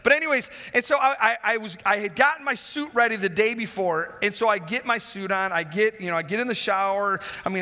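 A man preaching a sermon as a pastor, telling a personal story with lots of restarts and asides. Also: sits high. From Wisconsin, USA. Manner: animated, rambling with many restarts. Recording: long hall reverb.

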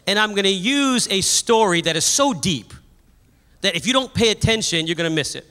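High-voiced animated preacher in a hall. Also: male voice, normal speed. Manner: animated storytelling preacher, shouts at peaks. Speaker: pastor. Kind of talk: sermon. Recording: long hall reverb.

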